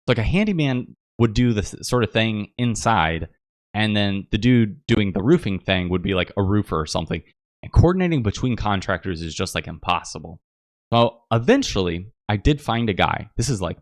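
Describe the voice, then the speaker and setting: A man's voice: on the low side, no echo, clean studio sound. A man telling a long casual story as podcast host, rambling with many fillers and acted-out quotes. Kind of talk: casual storytelling over photos.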